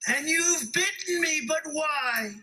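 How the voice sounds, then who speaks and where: A man playing a kind, tender-hearted woman who cries out her lines loudly, read aloud from a poem. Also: very high-pitched, lively intonation, slow, full character voice. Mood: exclaiming. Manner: loud, exclaiming.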